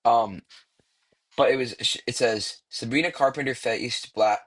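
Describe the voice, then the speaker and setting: Rambling, husky young man. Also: on the low side. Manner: rambling, swears freely, frequent fillers. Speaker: commentary YouTuber. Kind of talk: casual commentary.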